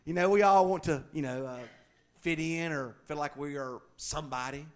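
A man's voice: on the high side, moderate pace, smooth. A middle-aged male pastor preaching a sermon in a conversational way, joking, then pressing his points hard. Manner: conversational preaching with humor and sudden loud emphasis.

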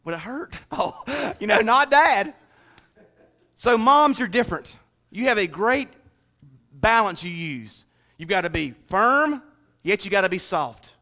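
Male pastor, middle-aged, sharp bright tone, homespun humor. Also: high-pitched, expressive, unhurried, long pauses. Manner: folksy, joking, talks straight to the congregation. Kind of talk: sermon.

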